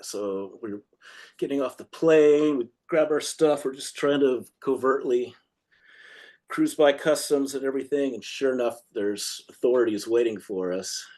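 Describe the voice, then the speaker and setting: A man's voice: mid-range voice, normal speed, darkish tone. A man, a punk guitarist guest, telling a long road story in a rambling, casual way, laughing often and acting out quotes.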